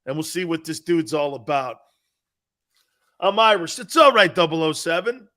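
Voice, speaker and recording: A man hosting a live sports talk show, joking loudly with viewers, reading their comments and laughing often. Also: on the high side, expressive, moderate pace. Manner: joking, loud, laughs often, calls out chat names.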